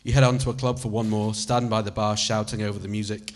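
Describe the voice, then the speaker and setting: A man's voice: lowish voice, level tone, fast talker. A man reading a story aloud in the second person, in a conversational style with casual swearing. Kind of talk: audiobook reading.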